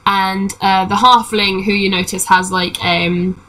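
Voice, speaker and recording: Bright-voiced woman narrating as game master. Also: mid-range voice, flat delivery, unhurried, poor audio. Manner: descriptive, many fillers.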